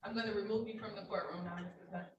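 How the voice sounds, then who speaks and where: A woman's voice: medium pitch, fairly even intonation, racing, highs cut off. A woman judge running courtroom proceedings in a formal, patient, procedural manner over a video call. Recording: roomy, distant, faint noise.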